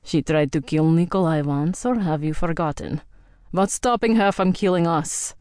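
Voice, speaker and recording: A blunt, hostile old Viking warrior, a man of a thousand years who speaks in accusations, as a woman narrator voices him. The voice sits low and the recording is close and dry. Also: moderate pace, darkish tone, clear, resonant tone, dry recording, natural voice. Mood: stern.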